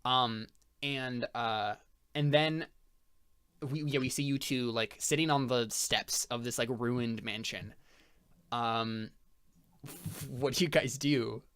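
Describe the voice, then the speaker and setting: A man's voice: medium pitch, steady tone, slow, a bit bright, clear, resonant tone. Brief: male game master, loose and rambling, many fillers. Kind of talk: narrating a tabletop game.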